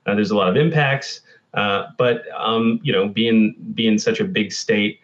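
A low-voiced man from Texas explains science as an interview guest. He pauses often and restarts his thoughts, and the audio sounds dull and muffled. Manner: explanatory, with many fillers and restarts. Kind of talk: interview answers.

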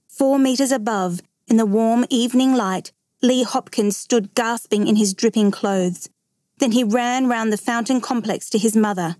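A woman's voice: on the high side, darkish tone, dry recording, studio quality. Woman narrator reading a rescue story. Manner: measured, slowing at dramatic moments. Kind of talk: reading a true story aloud.

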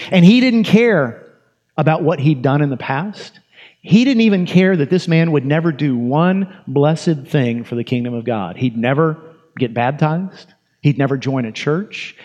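A man's voice: a little high, darkish tone, highs cut off. A man preaching a sermon in a conversational, emphatic way, asking questions and repeating phrases for effect.

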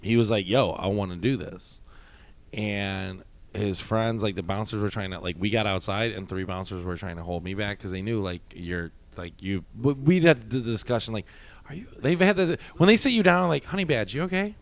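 On a casual podcast, an ex-bouncer from the nightclub scene swaps stories, swearing often and doing animated impressions of what people said. His voice is gravelly and on the low side, at a moderate pace.

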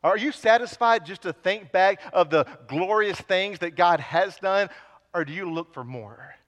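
A man's voice: high-pitched, measured pace, fairly bright tone, lo-fi sound. A man preaching a sermon as pastor, fervent and pleading, his intensity building as he speaks. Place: church sanctuary. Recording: long hall reverb.

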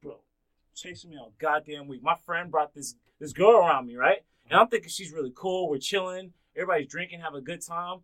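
A man hosting a casual podcast, telling an animated story and swearing freely. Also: a little high, fairly quick, rough recording. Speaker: podcast host.

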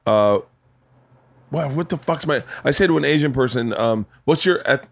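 A man's voice: mid-range voice, moderate pace, vocal fry. A man hosting a casual podcast chat, rambling, joking and trailing off mid-thought. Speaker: podcast host.

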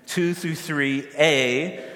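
A man preaching a sermon, energetic, throwing questions and asides to the congregation. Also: fairly high pitch, very slow, in a large hall. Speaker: pastor.

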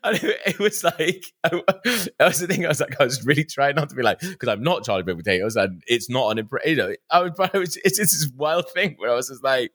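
A man's voice: medium pitch, fast talker, few pauses. A man, a podcast host, telling a story casually and animatedly, laughing often. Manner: animated, lots of fillers and restarts, laughs often.

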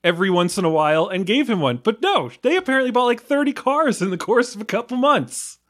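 A man's voice: sits high, lively intonation, fast, fairly bright tone. A man from the United States talking casually about a film, rambling with many fillers, restarts and small laughs. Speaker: film podcast guest.

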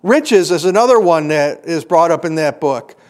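Preacher, male, middle-aged, high-pitched, earnest sermon delivery with questions to the room. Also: animated, normal speed. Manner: earnest, rhetorical questions to the congregation.

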